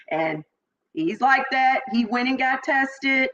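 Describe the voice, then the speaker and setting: Animated middle-aged woman from Chicago. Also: slow pace. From Chicago, Illinois. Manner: animated, acts out quoted voices with big pitch jumps. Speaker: interview guest, former police officer. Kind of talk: personal storytelling in conversation. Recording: slightly dull lo-fi audio.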